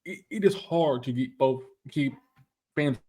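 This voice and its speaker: A man's voice: mid-range voice, unhurried, dark tone. A man co-hosting a casual anime podcast, talking emphatically and repeating himself as he argues his points. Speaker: podcast co-host.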